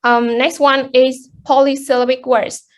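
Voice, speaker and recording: High-voiced young woman presenting in class. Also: little pitch movement, a little slow. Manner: hesitant, many fillers and restarts. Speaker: student presenter.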